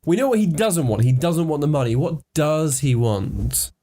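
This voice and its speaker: A man's voice: on the high side, animated, moderate pace, warm tone. Wry British man asking story questions. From Britain. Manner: wry, probing questions, sweary asides. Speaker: podcast co-host. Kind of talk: casual story brainstorming chat.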